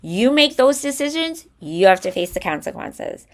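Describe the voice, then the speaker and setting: Mom co-host telling a lively story. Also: female voice, a little high, moderate pace. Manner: animated storytelling, acting out her son's lines. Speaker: podcast co-host. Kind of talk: casual chat.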